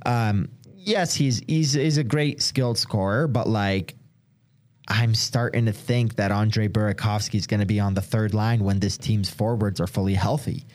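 A man's voice: fairly low pitch, moderate pace, darkish tone. A young man co-hosting a podcast, chatting casually and rambling with lots of filler words. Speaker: sports podcast co-host; hockey reporter. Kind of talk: casual chat.

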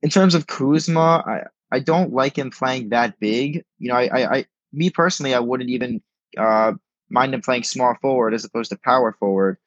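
A young man speaking at medium pitch and a moderate pace, without echo, is a guest on a casual sports podcast. Over his remote call mic, in dull lo-fi audio, he talks emphatically and repeats words while thinking.

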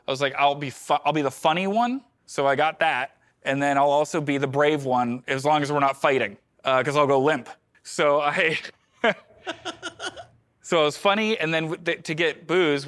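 A middle-aged New Jersey man performs stand-up at a comedy club, sharing self-deprecating stories and tossing playful asides to the audience. His voice is medium-pitched and fairly bright, and the recording is dry, picked up by a live stage mic with audible room ambience.

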